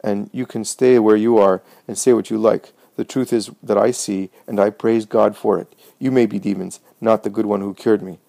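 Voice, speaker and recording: A man's voice: fairly low pitch, steady tone, moderate pace, vocal fry, hardly any pauses, dark tone, no room sound. A man voicing a bold young man healed of blindness, earnest and defiant.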